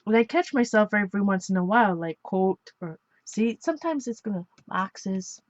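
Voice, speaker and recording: A woman's voice: mid-range voice, expressive, moderate pace, no room sound, muffled recording. A woman from Ontario chatting casually and rambling while she works on an art journal page, laughing often and correcting herself. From Ontario, Canada. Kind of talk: casual chat while crafting.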